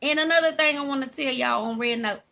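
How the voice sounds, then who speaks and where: A woman's voice: sits high, fast talker, gravelly, bright, forceful tone. A middle-aged woman from Louisiana with a Southern US accent, chatting casually to her viewers in a folksy way and laughing often. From Louisiana, USA. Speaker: vlogger. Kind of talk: casual direct-to-camera talk.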